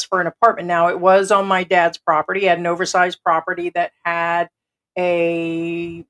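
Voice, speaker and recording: A middle-aged American woman hosting a casual livestream from home, rambling and blunt with casual swearing. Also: lowish voice. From United States. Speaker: livestream host.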